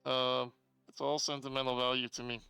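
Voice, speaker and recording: A man's voice: medium pitch, little pitch movement, moderate pace, creaky, pushed and bright, clean tone, no echo, poor audio. A man chatting casually with his live-stream chat, reading out messages and telling stories with a lot of swearing, from his home streaming room.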